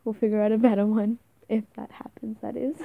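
A woman's voice: fairly high pitch, level tone, fairly quick, creaky, no echo, narrow, tinny audio. A young woman playing an affectionate, playful girlfriend in an audio role-play, giggling, teasing and stumbling over her words.

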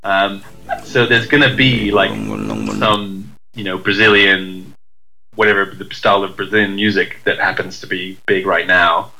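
A man's voice: lowish voice, fairly even intonation, unhurried, gravelly, sharp tone, slight background noise, rough recording. A man from the UK, co-hosting a casual chat, rambling and self-deprecating with many fillers and restarts. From United Kingdom. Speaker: podcast co-host.

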